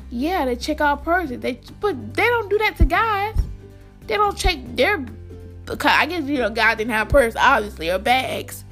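A young American woman tells a school story straight to her viewers in a casual, rambling way. Her voice sits high and she keeps restarting her sentences. Faint music plays underneath. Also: a little slow. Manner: rambling, animated, many fillers and restarts. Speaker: vlogger.

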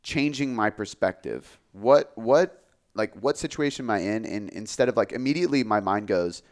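A man who works as a fitness coach, talking casually on a podcast, relaxed and full of filler words. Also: lowish voice, moderate pace. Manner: relaxed, filler-heavy, says "like" often.

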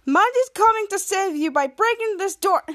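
Woman doing a smug boastful villain, gloating, slow drawl, high. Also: animated, a bit bright, dry recording, clean studio sound. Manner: gloating, drawn-out.

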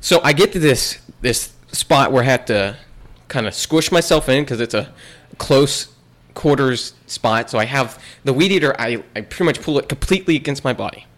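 A man's voice: mid-range voice, lively intonation, normal speed, a bit bright. A young man in casual chat, telling a long story with many restarts and bursts of laughter.

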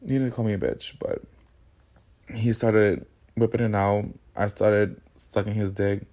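A man hosts a podcast in a casual storytelling monologue, candid and full of sassy slang. His voice sits fairly low with a gravelly, fry-laden edge. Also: steady tone, a little slow, a little mellow. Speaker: podcast host.

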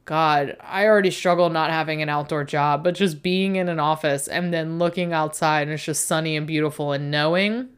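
A woman's voice: sits low, fairly even intonation, brisk, few pauses, clean tone. A young adult woman in a rambling, self-mocking casual monologue who swears often.

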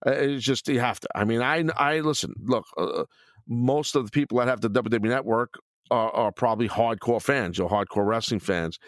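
Blunt, rambling middle-aged host. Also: male voice, medium pitch, moderate pace, no echo, clean studio sound. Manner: blunt, rambling, swears, many fillers and restarts. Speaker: podcast host answering listener questions. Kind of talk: casual opinion talk.

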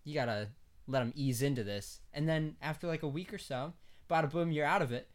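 A man's voice: fairly high pitch, brisk. A man co-hosting a casual podcast, playful and often laughing as he gives mock advice. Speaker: podcast co-host. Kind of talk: casual chat.

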